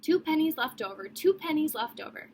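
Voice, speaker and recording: A woman doing a high, fixated little girl. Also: lively intonation, brisk, darkish tone, a little hiss or hum. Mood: insistent. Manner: repetitive, insistent counting. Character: young girl repeating numbers fixedly.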